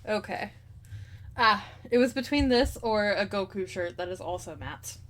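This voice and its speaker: A woman's voice: mid-range voice, expressive, measured pace, a bit bright. A young woman streaming a game, chatting casually, giggling often and swearing freely.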